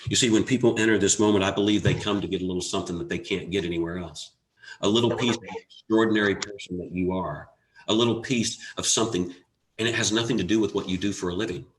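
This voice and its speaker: A man giving a motivational talk, telling a personal story earnestly with dramatic pauses and rising emphasis. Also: low-pitched, steady tone. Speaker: motivational speaker. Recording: echoey room.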